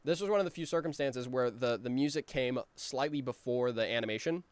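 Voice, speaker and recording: A man casually comments on his own cartoon, rambling with lots of ums and restarts and occasionally voicing his characters' lines in quick impressions. His pitch is medium, with no echo.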